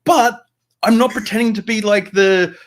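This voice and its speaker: Male guest, fairly high voice, rambling and filler-heavy. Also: moderate pace. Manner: rambling, many fillers, voice rises when excited. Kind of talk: casual chat.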